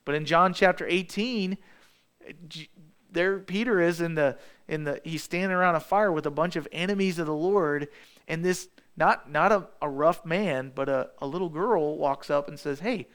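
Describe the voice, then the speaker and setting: A man delivers a sermon in a relaxed, conversational storytelling manner. His voice sits a little higher than most men's. He often stumbles and restarts his phrases as he goes. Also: normal speed, clear, resonant tone. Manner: casual storytelling preaching with restarts. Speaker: preacher.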